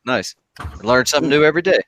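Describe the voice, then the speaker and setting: Man from the US, lively swooping pitch, bright forceful tone, profane, loud group chat. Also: brisk. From United States. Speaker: stream guest. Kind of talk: casual chat.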